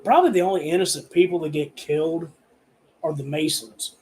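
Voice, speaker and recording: A man's voice: on the high side, fairly quick, a little mellow, low-quality recording. A man ranting casually to camera about horror movies, swearing often and rambling with lots of fillers. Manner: heavily profane, rambling, filler-laden. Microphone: camera recording himself.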